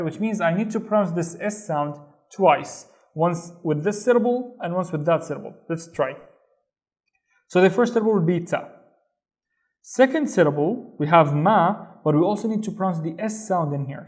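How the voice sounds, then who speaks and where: Explaining things stepwise for beginners, a Saudi-accented male teacher keeps patiently asking "right?" to check understanding. He speaks at a fairly high pitch with a darkish tone.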